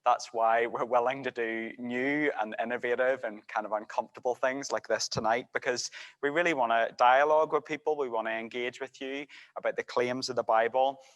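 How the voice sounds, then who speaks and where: A man, a church worker giving an earnest, measured introduction with frequent hesitations. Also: medium pitch, fairly even intonation, fairly bright tone, dull audio. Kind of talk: introductory talk. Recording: long hall reverb.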